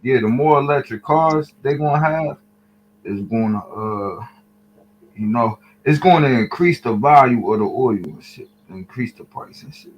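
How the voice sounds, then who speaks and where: A man's voice: medium pitch, lively intonation, a little slow, lo-fi sound, slight background noise. A man chatting casually off camera, laid-back and slangy, teasing. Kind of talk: casual chat.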